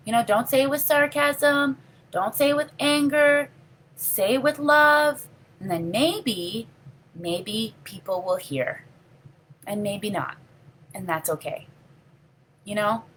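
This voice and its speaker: A woman's voice: fairly high pitch, a little slow, pauses often, fairly bright tone, slight background noise. A middle-aged woman hosting a casual live video, talking earnestly and rambling while answering viewer comments. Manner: earnest, heartfelt, rambling with frequent you know. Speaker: livestream host.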